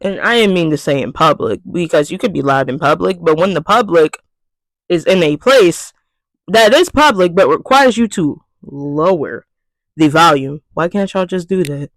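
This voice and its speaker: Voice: mid-range voice, expressive, moderate pace, a bit bright, dry recording, poor audio. A vlogger ranting casually to camera, exasperated and profane, repeating phrases for emphasis.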